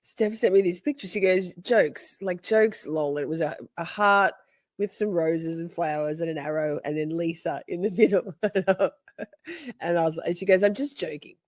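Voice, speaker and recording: A woman's voice: on the low side, moderate pace, no room sound, studio quality. A woman hosting a casual livestream, chatting with playful mock outrage and frequent laughter. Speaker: livestream host.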